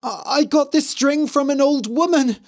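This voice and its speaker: A storyteller voicing a young princess in a fairy tale, speaking high and emotionally. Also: normal speed, creaky. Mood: flustered. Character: young princess, eager and tearful.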